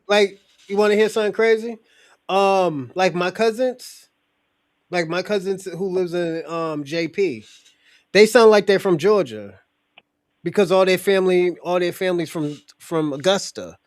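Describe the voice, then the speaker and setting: Joking high-voiced male host, dry sound. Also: a little slow, no echo. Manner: loose, joking, laughs often, street slang. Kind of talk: casual chat.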